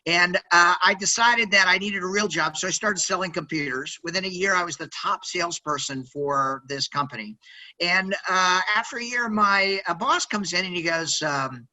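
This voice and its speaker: A quirky man in his sixties talking with big, loud energy as a podcast guest. His voice sits high for a man and rings bright and forceful, and he keeps checking in with "right?". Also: moderate pace, rough recording. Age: 60s. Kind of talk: energetic interview storytelling.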